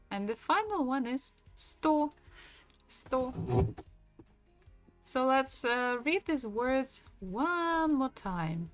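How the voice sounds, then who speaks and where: A woman gives a patient online language lesson. She talks very slowly and repeats each word for practice. Her pitch moves up and down a lot. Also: very animated, soft background music. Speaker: Russian language teacher.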